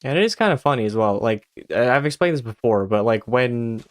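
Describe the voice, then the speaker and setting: A Swedish man speaking English learned with an American lean, rambling casually as he plays a game. He laughs easily and swears freely, at an ordinary middle pitch. The sound is close and dry. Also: expressive, brisk, no echo. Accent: American-style English learned as a second language. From Sweden. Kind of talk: casual commentary while gaming.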